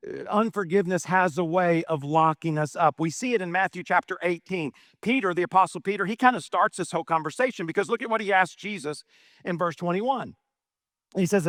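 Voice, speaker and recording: Middle-aged pastor guy preaching, high voice, keeps saying right?, dry sound. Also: lively intonation, brisk, a bit bright, no echo. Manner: rhetorical questions, repeats "right?". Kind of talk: sermon.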